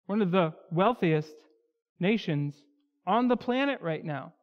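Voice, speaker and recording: Male pastor, high voice, teaching sermon, long church reverb. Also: animated. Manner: expository preaching, slows down for emphasis on key words. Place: church sanctuary. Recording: dull, lo-fi church recording with long hall reverb.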